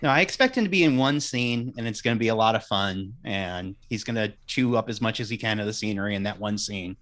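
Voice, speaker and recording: A man's voice: fairly low pitch, a little fast. A man on a casual pop-culture podcast, making dry jokes and joining in the banter. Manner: dry, joking, animated. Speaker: podcast panelist.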